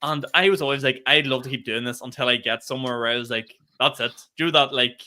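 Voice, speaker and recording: A man, a stand-up comedian co-hosting a podcast, telling stories in animated, casual chat and swearing freely. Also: medium pitch, fast talker. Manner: animated storyteller, laughs mid-sentence, swears freely.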